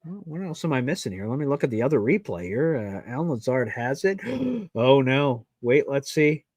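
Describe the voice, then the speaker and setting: A man hosting a live sports watch party, giving emotional play-by-play that swings from nervous muttering to loud cheering. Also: mid-range voice, big pitch swings, moderate pace, no echo.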